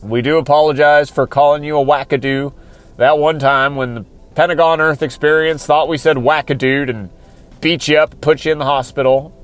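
A man hosting a podcast in a rambling, halting mock-conspiracy rant, recorded inside a truck on a morning drive. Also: fairly high pitch, steady tone, fairly bright tone, clean tone. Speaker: podcast host.

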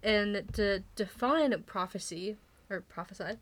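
Upbeat young woman podcast co-host. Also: medium pitch. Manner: upbeat, quick bursts of excited talk. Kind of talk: faith podcast conversation.

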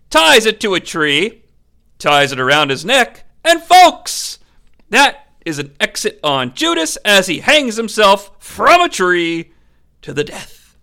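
A man's voice: sits high, creaky, sharp tone. A man hosting a comedic movie recap, narrating in a sarcastic, profane way. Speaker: movie review host.

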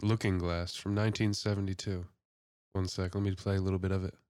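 A man's voice: deep voice, little pitch movement, a little fast, a little mellow, clean tone, no echo, clean studio sound. A man co-hosting a podcast, laid-back in casual chat, reacting briefly and laughing a lot. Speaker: podcast co-host.

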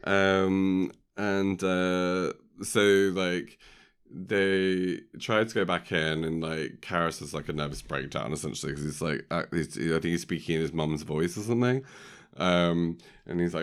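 A man's voice: low-pitched, steady tone, measured pace, smooth. A man, chatting casually as a podcast co-host, rambling and jokey with lots of fillers. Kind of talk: casual chat recapping a film.

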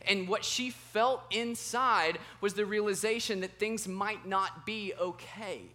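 A man's voice: sits high, a little slow. A man in his thirties preaching to a live audience in a meeting room, praying and then telling funny stories while quizzing the crowd. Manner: animated and self-deprecating, asks the audience questions. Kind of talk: sermon with prayer and humorous storytelling.

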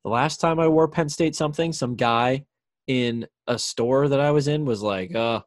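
Young man, podcast co-host, easygoing, self-deprecating, middle pitch, dry sound. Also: moderate pace, no room sound. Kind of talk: casual sports chat.

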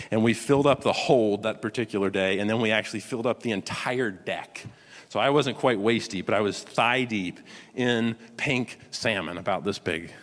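A man preaching a sermon in a conversational, storytelling way, dropping to a hush for quoted lines. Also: on the low side. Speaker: pastor. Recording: long hall reverb.

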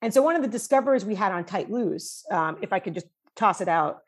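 A woman's voice: medium pitch, quick pace, slightly rough. A woman from New York, a cross-cultural psychologist, chatting animatedly in an interview. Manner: animated, chatty storytelling with fillers. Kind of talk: conversational interview.

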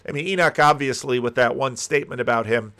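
A man's voice: mid-range voice, fast, pushed and bright, clean tone. A man teaching through a Bible passage in a conversational video commentary, musing aloud and landing emphatic punches.

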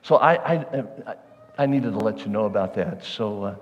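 Animated storytelling preacher in a hall. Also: male voice, lowish voice, moderate pace, lo-fi sound. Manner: animated, conversational, self-deprecating. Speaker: pastor. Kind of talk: sermon storytelling. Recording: long hall reverb.

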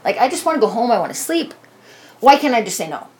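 A woman's voice: a little high, big pitch swings, fast talker, darkish tone. Woman telling a profane rambling anecdote. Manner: profane, rambling, acts out quoted dialogue. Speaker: storyteller. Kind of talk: casual personal anecdote.

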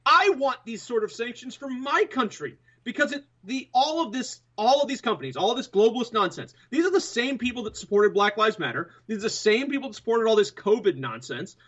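A husky man with a high voice co-hosts a political talk show and argues at length with emphasis. His sound comes through dull and lo-fi. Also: sing-song, brisk, few pauses, a bit bright. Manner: emphatic, building an argument at length. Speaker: co-host.

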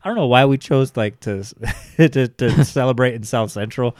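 A man's voice: medium pitch, moderate pace, a little mellow, no room sound, clean studio sound. A man in his thirties co-hosting a casual chat, rambling with lots of filler words. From Los Angeles area. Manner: rambling, heavy on fillers like "like" and "you know". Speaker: podcast co-host.

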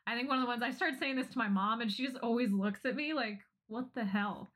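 A woman with a slightly high voice chats casually as a podcast co-host. She retells jokes with plenty of laughter, quickly acting out the quoted lines. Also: a bit bright. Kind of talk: casual chat.

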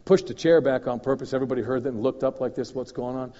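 Animated man preaching in a hall. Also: fast talker. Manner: animated, swings between loud emphatic and low confiding. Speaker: guest minister. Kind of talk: storytelling sermon. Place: church hall. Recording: dull recording in a reverberant hall.

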